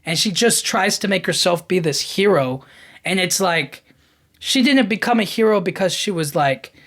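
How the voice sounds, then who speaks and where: A man hosting a podcast, giving a casual, animated film-review rant full of "like" and "you know what I mean". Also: high voice, normal speed. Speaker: podcast host.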